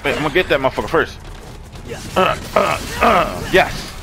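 A young man hosting a casual let's-play, reacting with excitable, profane outbursts over game audio. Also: a little high, normal speed, creaky. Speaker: gaming channel host. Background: game audio and music.

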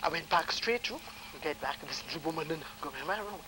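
A woman with a Jamaican accent telling a lively anecdote, laughing often and acting out the voices of the people in it. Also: low-pitched, quick pace, background noise. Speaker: storyteller.

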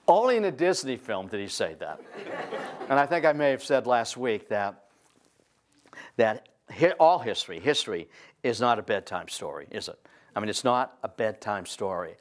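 A man's voice: lowish voice, normal speed, slight background noise. Man giving a storytelling history lecture. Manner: digressive, animated storyteller. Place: library event room.

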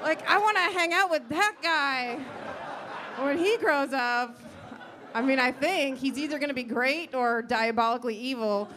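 A woman's voice: high-pitched, normal speed, fairly bright tone, a faint crowd. Rambling woman doing stand-up. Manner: rambling, self-deprecating, acts out quotes. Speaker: stand-up comedian. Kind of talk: stand-up comedy set. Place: comedy club stage with live audience. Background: audience laughter.

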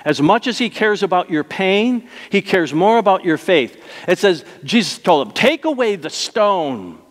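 A man's voice: high-pitched, animated, normal speed. Preaching man in a reverberant church. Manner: preaching with wide swings between soft and emphatic. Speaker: pastor. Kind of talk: sermon. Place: church sanctuary. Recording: long reverb of a church hall.

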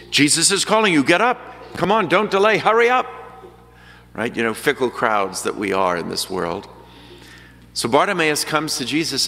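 A man's voice: mid-range voice, sharp tone. A man preaching a storytelling homily, acting out the voices of the crowds and of Jesus. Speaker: pastor. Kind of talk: sermon. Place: large church. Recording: church hall reverb.

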